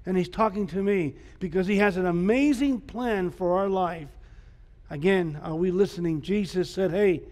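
A man's voice: high voice, a little mellow. A man preaching a sermon as pastor, emphatic, with repeated rhetorical questions to the congregation. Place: church sanctuary. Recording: church hall reverb.

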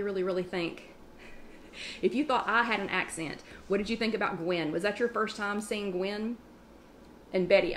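Broadcasting from home through a webcam mic, a Southern woman hosts a casual live online chat, talking fast and friendly while rambling and jumping between asides. Her voice is mid-range, with slight background noise.

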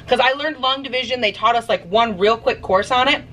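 A woman's voice: on the high side, fairly quick, fairly bright tone, far from the mic, a little hiss or hum, rough recording. A young woman vlogging in her kitchen while she bakes, talking in a sassy, chatty way with casual swearing. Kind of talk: casual chat while baking. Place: home kitchen.

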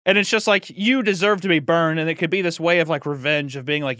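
A man co-hosting a podcast in casual chat, animated and often laughing, acting out film lines as he talks. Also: on the high side, a little fast, hardly any pauses, no room sound, studio quality. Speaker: podcast co-host.

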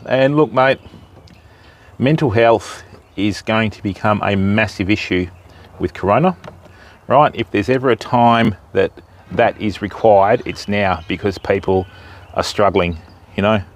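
His voice is lowish and a little slow. The Australian man is out by a river hosting a fishing livestream, keeping the chat casual and jokey while greeting viewers by name.

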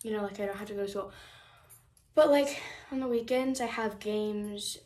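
A woman's voice: medium pitch, normal speed, a little mellow. A teenage girl chatting casually in a vlog at home while getting ready, rambling with lots of fillers and dramatic complaints, a bit out of breath. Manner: rambling, filler-heavy, dramatic about small things. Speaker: vlogger.

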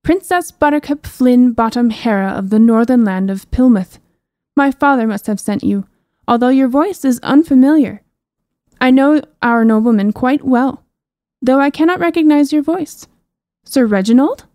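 A woman's voice: high voice, normal speed, dark tone, no room sound, studio quality, voice pushed up, lightly acted. A woman voicing a young noble princess in an audiobook, speaking in eager, formal old-style questions. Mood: hopeful. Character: young noble princess, chatty and impatient, locked in a cage. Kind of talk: audiobook character voice.

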